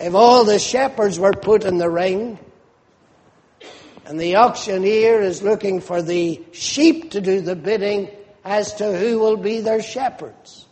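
A man preaching a sermon in a measured, emphatic way, repeating phrases for stress. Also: high-pitched, a little mellow. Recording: long reverb of a large hall.

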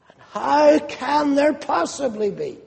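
A man preaching a sermon, slow and emphatic, rising into animated rhetorical questions. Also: very high-pitched, vocal fry, in a large hall.

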